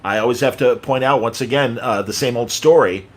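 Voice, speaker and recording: A man's voice: medium pitch, a little fast, a little hiss or hum. A man hosting a casual interview, enthusiastic and encouraging toward his guest. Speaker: podcast host.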